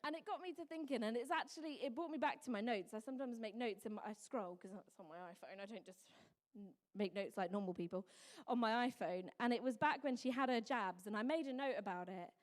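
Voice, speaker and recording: A woman in her thirties giving a Mother's Day sermon, telling a story with lively mimicked voices. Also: a little high, brisk. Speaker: preacher. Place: church hall. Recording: long hall reverb.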